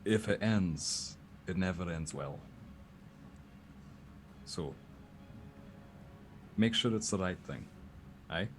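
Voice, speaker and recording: A man voicing a world-weary divorced man who gives slow, heavy advice in a tabletop game. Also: sits low, a little hiss or hum, pitched below the performer's own voice. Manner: slow, heavy, drawn-out warnings. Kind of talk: tabletop role-play voice.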